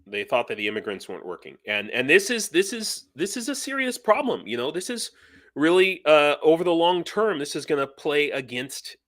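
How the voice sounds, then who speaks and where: A middle-aged man hosting a live stream, talking casually and in an animated, rambling way with many fillers and restarts. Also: on the high side, normal speed.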